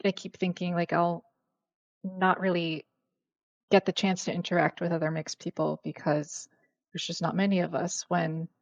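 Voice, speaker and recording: A young adult woman guest on a podcast, talking in a reflective, hesitant way with many fillers and soft laughs. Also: on the low side, flat delivery, moderate pace, dry recording. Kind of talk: casual conversation. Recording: dull lo-fi dry sound.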